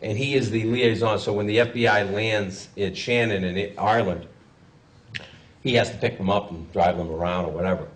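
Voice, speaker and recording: A man's voice: lowish voice, fairly even intonation, moderate pace, recorded from a distance, low-quality recording. A man, a journalist telling stories in a rambling, wry, self-correcting way. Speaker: journalist guest speaker. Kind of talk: casual storytelling talk.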